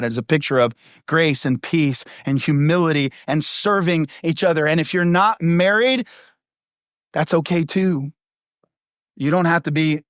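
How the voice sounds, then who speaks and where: A middle-aged male pastor preaching a sermon in a punchy, conversational way, full of rhetorical questions and quick asides. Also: fairly high pitch, no echo, clean studio sound. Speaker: lead pastor.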